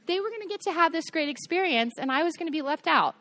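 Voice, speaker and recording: A young woman giving a youth sermon, animated and asking her listeners questions. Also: very high voice, quick pace, dry recording. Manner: animated, asks the audience questions. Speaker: youth pastor.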